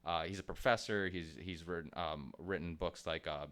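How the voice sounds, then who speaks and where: A man's voice: low voice, steady tone, moderate pace, a bit bright. A man hosting a podcast in casual chat, rambling with many restarts, swearing and laughing easily. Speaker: podcast host.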